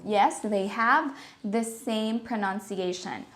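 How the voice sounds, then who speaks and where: A Filipino-accented woman teaches pronunciation in a relaxed, chatty way. Her voice sits a little high, and she drags each word out slowly and carefully. She slips into Tagalog now and then. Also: slight background noise. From Philippines. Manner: slow deliberate enunciation, mixing in Tagalog, frequent laughs. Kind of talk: casual online pronunciation lesson.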